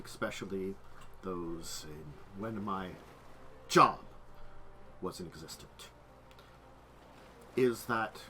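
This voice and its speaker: A man voicing a stern, lawful otherworldly male official who speaks in a measured, formal way. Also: on the low side, sharp tone, a little hiss or hum, pitched below the performer's own voice, heavily acted.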